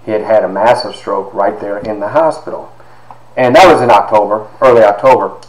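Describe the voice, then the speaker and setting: A man in his fifties from Ohio, telling a personal story in an animated way with lots of quoted dialogue and fillers. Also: lowish voice, fairly quick. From Ohio, USA. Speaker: podcast host and author. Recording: echoey room with faint background noise.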